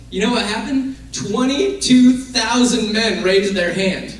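Captured from a distance in a very echoey room with faint noise, a man whose voice sits high delivers a sermon at a moderate pace, barely pausing. His style is casual and conversational, and he acts out the figures he quotes in his stories.

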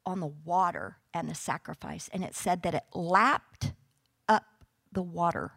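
A woman preaching a sermon, telling a Bible story with lively, casual storytelling and playfully acting out the characters in modern speech. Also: fairly low pitch, unhurried, vocal fry, no echo, clean studio sound.

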